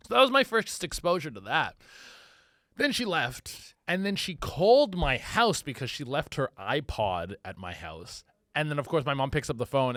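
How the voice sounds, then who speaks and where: A man's voice: fairly high pitch, expressive, a little fast, fairly bright tone, dry recording, studio quality. A young man hosting a solo comedy podcast, telling stories with lots of swearing and acted-out quotes.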